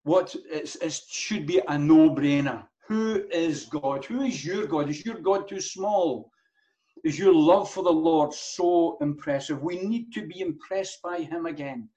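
A man's voice: a little high, unhurried, mellow. A man preaching a sermon as pastor, earnest, with many rhetorical questions and repeated phrases. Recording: dull lo-fi sound.

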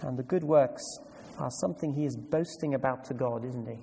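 A man's voice: medium pitch, a little fast, creaky, dark tone, slight background noise. A man preaching a sermon with emphasis, putting questions to his congregation. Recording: long reverb hall, faint ambience.

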